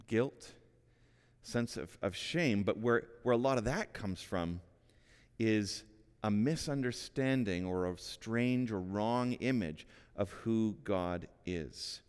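A man's voice: on the low side, clean tone. A man in his forties preaching a sermon in a church hall, earnest and conversational, often repeating a word as he starts a phrase. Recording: long reverb of a hall.

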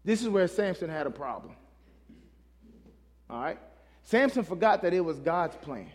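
A man's voice: a little high, sing-song, moderate pace, darkish tone. A male pastor preaching a sermon in a loose, conversational way, often calling out questions to the congregation. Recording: long hall reverb.

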